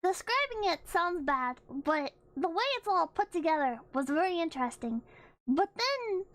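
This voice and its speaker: A woman's voice: very high-pitched, very animated, moderate pace, a bit bright, no room sound. A woman streamer chatting casually, rambling with frequent laughs and swearing. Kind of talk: casual chat.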